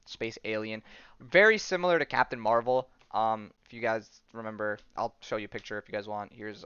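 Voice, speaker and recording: A man's voice: lowish voice, a little fast, a bit bright, clear, resonant tone, no room sound. A young man hosting a podcast, recapping a comic book in a casual, rambling, enthusiastic way, full of ums, restarts and slang. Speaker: podcast host. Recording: dull lo-fi sound, dry.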